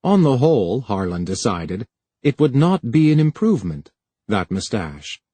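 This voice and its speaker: Brief: male audiobook reader, measured, husky timbre, dead-dry booth. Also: medium pitch, big pitch swings, dark tone, dry recording. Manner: measured storytelling. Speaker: audiobook narrator. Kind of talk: scripted narration.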